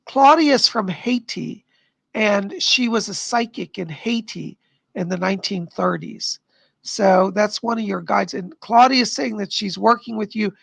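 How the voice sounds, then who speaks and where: Chatty psychic guy on a livestream, gravelly voice, dry close mic, voice getting tired. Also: high voice, a little slow, no room sound. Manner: chatty, animated, gushing. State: tiring voice. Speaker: psychic medium host. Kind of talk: live-stream readings for viewers.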